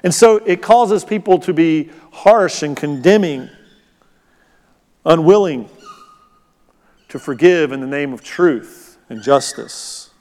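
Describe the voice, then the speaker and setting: A man's voice: a little high, slow, pauses often, darkish tone. A middle-aged man preaching a sermon as pastor, conversational and storytelling. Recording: long hall reverb.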